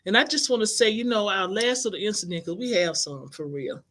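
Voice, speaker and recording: A middle-aged woman, a life coach and minister, telling inspirational stories in an animated, expressive way. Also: mid-range voice, a little fast. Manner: animated, expressive, acts out quoted voices. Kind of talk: inspirational storytelling broadcast.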